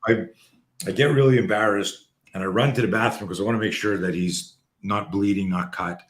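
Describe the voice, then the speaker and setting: Animated swearing male podcast host, roomy. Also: lowish voice, a little fast. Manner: animated, swears freely, acts out quotes. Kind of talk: storytelling in casual chat. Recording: roomy echo.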